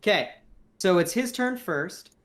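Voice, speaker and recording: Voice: medium pitch, lively intonation, measured pace, fairly bright tone. A game master running a tabletop combat in a casual, rambling way, reading rules aloud and narrating moves.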